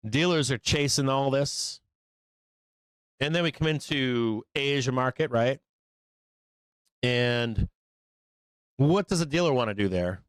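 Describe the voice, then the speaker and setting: A man hosting a live stock market show, explaining market moves in a casual, profane way and acting out traders in quick asides. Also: medium pitch, fairly bright tone, clear, resonant tone, no echo.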